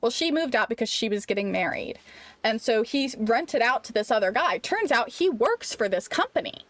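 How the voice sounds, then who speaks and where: A young adult woman streaming a game and telling a long, rambling story in a casual, animated way, full of "like". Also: on the high side, moderate pace, no echo. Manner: animated, rambling, heavy use of "like".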